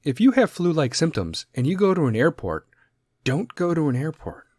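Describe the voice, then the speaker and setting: A man's voice: fairly high pitch, sing-song, moderate pace, darkish tone, dry recording, studio quality. A man hosting a solo podcast, talking bluntly and sarcastically and swearing constantly. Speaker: podcast host. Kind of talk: profane solo podcast rant.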